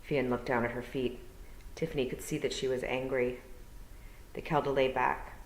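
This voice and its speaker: Low-voiced woman reading a storybook. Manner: calm, measured narration. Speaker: school storytime reader. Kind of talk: reading a novel aloud. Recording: roomy echo.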